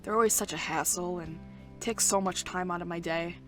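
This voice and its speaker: A woman's voice: fairly low pitch, steady tone, fairly quick, over music, voice pushed down, lightly acted. A woman reading the inner narration of an aloof, watchful young man in a game, in a dry, subdued tone.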